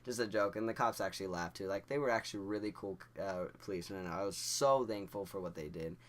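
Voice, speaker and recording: A man's voice: low-pitched, fast talker. A young man from Idaho telling a story to camera in a rambling, stammering way, acting out what others said. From Idaho, USA. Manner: rambling, stammering restarts, acts out quoted dialogue. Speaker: vlogger.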